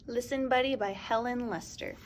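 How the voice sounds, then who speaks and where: A woman teacher reading a children's story aloud in a warm, expressive way, recorded on a home webcam or phone. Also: on the high side, normal speed, noisy background.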